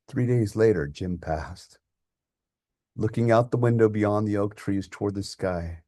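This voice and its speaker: A man, the host and author, reading his short story aloud in a quiet, heartfelt way. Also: fairly low pitch, measured pace, dry recording, clean studio sound.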